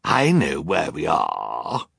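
Brief: gravelly, raspy storybook villain, sneering and swaggering, deep with swooping inflection, put on by a male narrator. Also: big pitch swings, measured pace, pushed and bright, dry recording, clean studio sound, full character voice. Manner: growling, sneering. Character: boastful scheming villainous adult man. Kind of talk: audiobook character voice.

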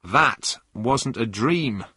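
Level-headed truck driver guy, husky, dry close sound, man doing it. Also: mid-range voice, animated, drawn-out words, bright, forceful tone, no room sound, exaggerated voice. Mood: calm. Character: steady adult lorry driver.

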